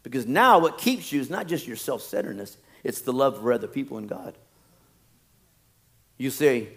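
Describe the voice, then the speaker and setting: A middle-aged man preaching a sermon as pastor, swinging from loud emphatic peaks to quiet low asides and jokes. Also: lively intonation, moderate pace, pauses often.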